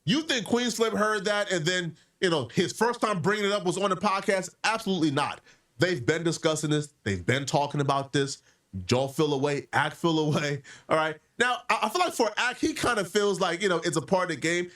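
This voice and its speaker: A man making a commentary video, animated and opinionated, mimicking other people as he argues. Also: high voice, a little fast, recorded from a distance. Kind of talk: hip-hop commentary video.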